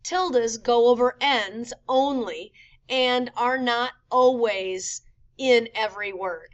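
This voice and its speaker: Woman teacher going over rules slow and clear, kinda high voice. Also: highs cut off. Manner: clear, methodical explaining with slow spelled-out examples. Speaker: Spanish teacher. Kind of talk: recorded classroom lesson.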